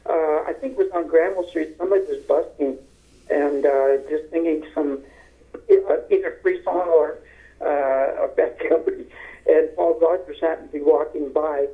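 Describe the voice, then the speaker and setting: A man, a musician guest, chatting in a relaxed, casual way with many fillers. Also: fairly high pitch, moderate pace. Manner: relaxed, filler-heavy talk. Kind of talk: casual interview chat. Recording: tinny phone line.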